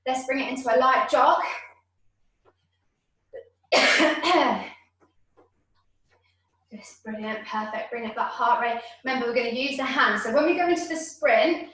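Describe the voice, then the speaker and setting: High-voiced woman leading a home workout. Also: a little slow, pauses often, fairly bright tone. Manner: encouraging, counts reps aloud. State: out of breath at times. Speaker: fitness instructor. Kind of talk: leading an online exercise class. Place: room at home. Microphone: video call. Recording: very echoey room, voice from far off.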